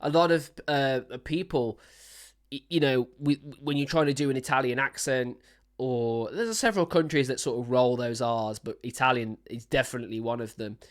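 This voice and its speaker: A man's voice: mid-range voice, normal speed. A man who is a singer-songwriter, giving casual, enthusiastic commentary while reacting to a song, rambling with many restarts. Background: song playing faintly.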